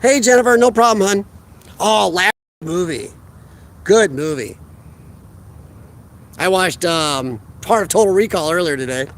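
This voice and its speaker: A man from the United States with a Midwestern accent hosts a casual outdoor live stream at a riverfront park, holding his phone camera and chattily reading and answering viewers' chat. His voice sits high and is fairly bright, expressive, and unhurried, with frequent pauses.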